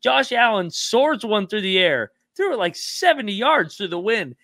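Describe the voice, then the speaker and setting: Male co-host, slightly high and punchy, profane and emphatic, dry close sound. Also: big pitch swings, moderate pace, bright, forceful tone, no echo. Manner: fired-up, profane, emphatic ranting. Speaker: podcast co-host. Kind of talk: casual podcast chat.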